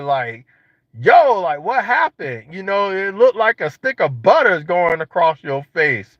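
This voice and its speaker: Brief: young guy, high lively voice, joking slangy vlog monologue, dry lo-fi sound. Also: unhurried, no room sound. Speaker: vlogger. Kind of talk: casual monologue to camera. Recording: dull lo-fi sound.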